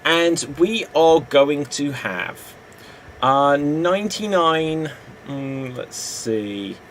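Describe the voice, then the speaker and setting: A man hosts an improv game in a casual, hesitant manner, often laughing between jokes. His voice is a little high with lively intonation and a very slow pace, with faint background noise.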